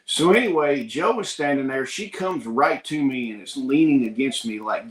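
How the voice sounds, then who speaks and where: A man's voice: mid-range voice, animated, normal speed, roomy sound. A man with a Kentucky accent, hosting a show and telling a rambling, folksy story in casual talk, acting out the other people's lines. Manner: folksy, rambling, acts out the voices in his story. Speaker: podcast host.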